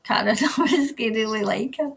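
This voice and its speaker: Woman, live-stream tarot host, casual rambling chat, quick laughs, higher voice. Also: creaky, slightly rough. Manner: chatty and rambling, laughs often, trails off mid-sentence.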